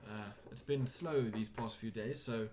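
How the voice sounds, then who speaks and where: A man voicing a shrewd, businesslike woman merchant who talks in a brisk, welcoming way. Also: fairly low pitch, a little mellow, a little hiss or hum, natural voice.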